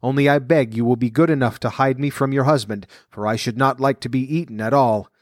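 A man's voice: medium pitch, a little fast, dry recording, clean studio sound, natural voice. A man reading the lines of a polite, frightened but brave young boy in a storybook, pleading courteously.

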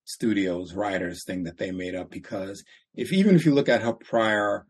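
Husky-voiced guy chatting on a podcast, animated, laughs as he goes. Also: fairly low pitch, moderate pace. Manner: animated storytelling, acts out quotes with laughs. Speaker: podcast co-host. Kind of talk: casual podcast chat.

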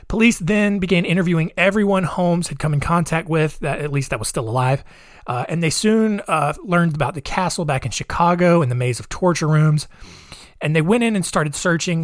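Brief: relaxed male podcast storyteller, slightly high voice, dry sound, wry asides. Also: no echo. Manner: hesitant, many fillers and restarts, wry. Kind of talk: casual true-crime storytelling.

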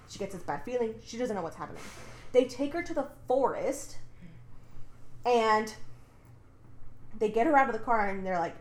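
A young woman co-hosts a podcast and recaps a book in a loose, chatty way. Her voice sits at a middle pitch, and her talk is full of "like" and casual swearing. The room around her sounds echoey. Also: animated, normal speed. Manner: chatty, swears freely, heavy use of "like". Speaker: podcast co-host.

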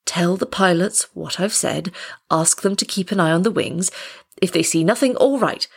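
A woman's voice: fairly low pitch, moderate pace, gravelly, breathy edge. A woman reading the lines of a panicky middle-aged male airline passenger who talks in a shaky, pleading way. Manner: shaky, pleading, rising to shouts. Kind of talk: audiobook reading.

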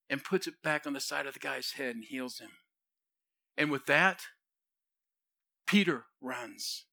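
A man's voice: high voice, pushed and bright. A man preaching a sermon, retelling scripture in casual modern speech and briefly acting out the voices of the people in it. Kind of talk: storytelling sermon.

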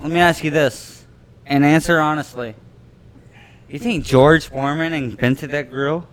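A man co-hosting a podcast in casual chat, joking and riffing with quick laughs. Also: a little high, steady tone. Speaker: podcast co-host.

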